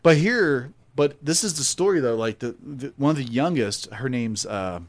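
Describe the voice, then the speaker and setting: A man's voice: medium pitch, normal speed. A man co-hosting a podcast in casual chat, telling a story bluntly with plenty of swearing. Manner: animated storyteller, blunt and profane. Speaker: podcast co-host.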